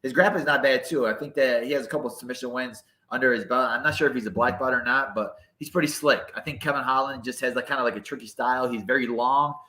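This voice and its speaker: A man's voice: medium pitch, quick pace, hardly any pauses, bright, forceful tone, reverberant, low-quality recording. A man co-hosting a podcast, giving laid-back casual chat and plain fight analysis.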